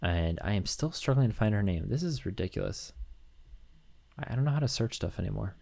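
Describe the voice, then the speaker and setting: A man chatting casually, rambling and excited as he lays out a fan theory, with many fillers. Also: lowish voice, brisk, creaky. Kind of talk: casual chat.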